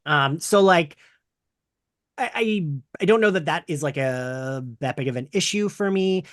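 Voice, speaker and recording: A man hosting a casual podcast chat, talking in a rambling, animated way with lots of fillers. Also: fairly high pitch, measured pace, no echo, clean studio sound. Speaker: podcast host.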